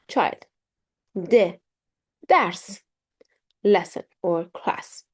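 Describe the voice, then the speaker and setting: Woman, patient language teacher; slow and deliberate, gravelly edge, repeats each word. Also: on the low side. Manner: slow, repeats words for learners to copy, some fillers. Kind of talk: beginner pronunciation lesson.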